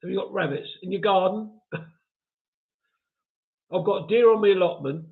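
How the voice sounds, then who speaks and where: A high, gravelly male voice moves at a moderate pace as he runs a live stream and reads viewer comments aloud. He's chatty, mocks himself, and laughs often, all captured in tinny audio that sounds like a phone.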